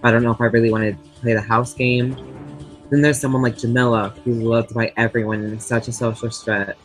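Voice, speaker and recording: A man's voice: medium pitch, a bit bright, rough recording. Man deliberating over faint music. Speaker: online reality game player. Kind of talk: confessional.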